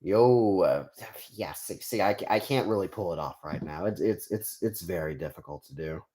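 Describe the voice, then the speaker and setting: A man's voice: low-pitched, moderate pace, darkish tone. A young man streaming casually, rambling and chatting with his viewers. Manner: rambling, many fillers and restarts, chatty with viewers. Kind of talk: casual live stream chat.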